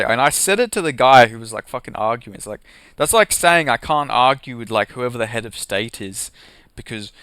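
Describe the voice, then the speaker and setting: A man's voice: medium pitch, sharp tone, clear, resonant tone, no room sound. A young man doing a casual, profanity-heavy rant about MMA, heated and sarcastic, with lots of "like" and "you know". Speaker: MMA commentary vlogger.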